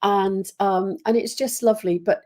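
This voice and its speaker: A woman's voice: medium pitch, steady tone, moderate pace, darkish tone. A woman from Wales with a Welsh accent hosts a live stream, chatting in a rambling way with many fillers and restarts as she greets her viewers. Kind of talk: casual live-stream chat.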